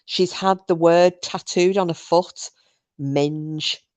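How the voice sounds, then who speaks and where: Woman, live-stream host, casual chat, reads viewer comments, laughs often, slow pace. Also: fairly low pitch, fairly even intonation, darkish tone, smooth, no room sound. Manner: giggly, often bursting into laughter.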